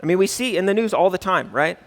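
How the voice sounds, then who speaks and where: A man with a fairly high-pitched voice teaches a church class as its pastor. He talks conversationally, checking in with his listeners, and reads scripture aloud with building emphasis. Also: expressive, fast, a bit bright. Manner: conversational, keeps asking "right?".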